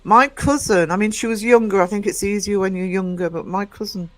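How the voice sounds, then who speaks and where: A middle-aged man from the North East of England with a soft Northumbrian accent, talking in a fairly high voice. He rambles through a casual livestream chat full of fillers and restarts. Faint music plays under him. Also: brisk, no echo. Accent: Northumbrian English. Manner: rambling, greets chatters by name, many fillers and restarts. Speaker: livestream host. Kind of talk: casual chat to live viewers.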